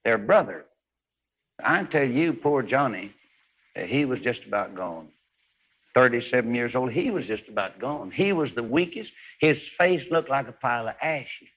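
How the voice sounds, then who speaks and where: A man preaching a fervent sermon, swinging between loud rising highs and hushed low passages. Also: animated, moderate pace. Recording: dull lo-fi old recording.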